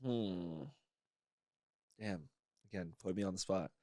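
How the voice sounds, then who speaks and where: A man's voice: low-pitched, takes it slowly, dark tone, dry recording, clean studio sound. A man appearing as a podcast guest, joking around in laid-back slang. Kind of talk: casual chat.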